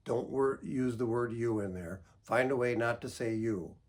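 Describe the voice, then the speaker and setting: A man counselor calmly giving advice, patient and gentle, explaining through examples. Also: medium pitch, moderate pace. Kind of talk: calm instructional talk.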